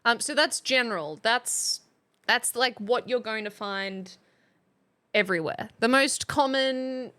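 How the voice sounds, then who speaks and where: A woman's voice: mid-range voice, a little slow, bright, forceful tone. A woman with a general Australian accent, hosting a mock classroom lesson on a live stream in a playful, chatty, teacherly way.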